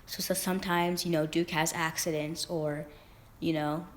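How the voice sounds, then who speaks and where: A woman's voice: low-pitched, little pitch movement, normal speed. A young woman vlogger rambling through a casual story, with lots of fillers and restarts.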